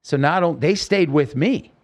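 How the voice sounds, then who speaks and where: A podcast host, appearing as a guest, recounts his own story in an interview with a fairly high voice at normal speed. He tells it urgently and vividly, acting out what people said and restarting often.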